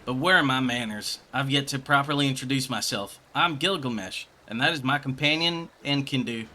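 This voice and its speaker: A man's voice: medium pitch, moderate pace, bright, forceful tone, lightly acted. A man voicing a boastful, flirty male swordsman from a game in a put-on American country accent. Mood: swaggering. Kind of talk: reading game dialogue aloud in voices.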